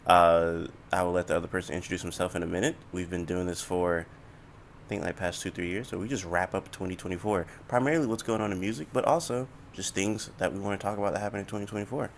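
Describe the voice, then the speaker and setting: A man hosting a podcast from Florida, chatting loosely and joking in quick bursts over a call. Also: deep voice, fairly even intonation, vocal fry, slight background noise. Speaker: podcast host. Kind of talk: casual chat. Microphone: remote call mic.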